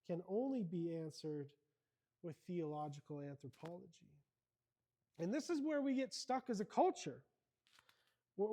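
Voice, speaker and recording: A man's voice: high voice, darkish tone. A man giving a university lecture, speaking earnestly and checking in with his listeners. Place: lecture hall.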